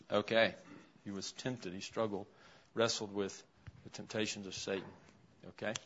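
A man's voice: fairly low pitch, steady tone, measured pace, gravelly, pauses often, a bit bright, a little hiss or hum. A man teaching an interactive Bible lesson in a classroom, asking his class questions as he writes a list on the board. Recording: dull, lo-fi classroom recording.

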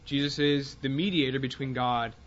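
A man teaching a Bible class, speaking haltingly with fillers and restarts and reading passages aloud with more force. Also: medium pitch, steady tone, dull audio, slight background noise.

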